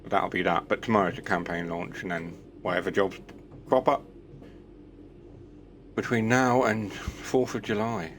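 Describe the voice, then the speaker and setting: A chatty man talking loosely through a live stream, wandering from topic to topic with a self-deprecating edge. His voice sits somewhat low. A faint background hum runs under his talk. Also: steady tone, measured pace, long pauses, fairly bright tone. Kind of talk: casual live-stream chat.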